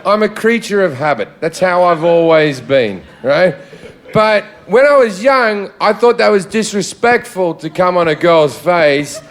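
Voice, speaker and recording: A man's voice: sits high, animated, unhurried. A man on stage at a live comedy podcast, tossing off crude jokes and dry one-liners. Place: live show on stage before an audience.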